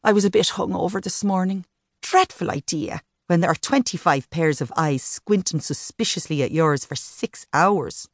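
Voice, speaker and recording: A vivacious young woman teacher, cheeky and full of chatter, as a woman narrator puts her on. Her voice sits lowish and is recorded dry and close. She talks in a lively, playful way. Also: moderate pace, dry recording. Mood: chatty. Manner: bubbly and playful.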